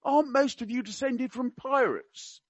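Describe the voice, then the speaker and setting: A man putting on a blunt, tactless elderly gentleman with an attempted Cockney accent, his pitch pushed up for the quips. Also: normal speed, no room sound, muffled recording. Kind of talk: comic impression in a podcast reading.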